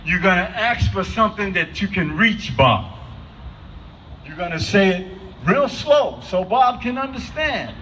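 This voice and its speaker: Man, high lively voice, outdoor vigil speech, crowd questions, dull lo-fi recording. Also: unhurried, recorded from a distance. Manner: asks the crowd repeated questions. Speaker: speaker at a vigil. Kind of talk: impromptu public speech. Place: outdoor gathering. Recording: dull lo-fi with faint noise.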